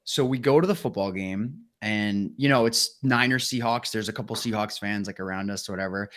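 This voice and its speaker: A man's voice: on the low side, a little fast, a bit bright. A man co-hosting a podcast in casual chat, teasing his partner and retelling their shared stories with mock quotes. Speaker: podcast co-host.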